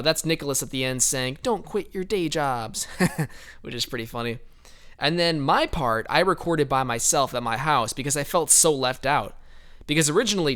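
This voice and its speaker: A man's voice: medium pitch, fairly bright tone, clear, resonant tone. A young man giving casual, rambling commentary on his band's album, laughing often and hedging with fillers.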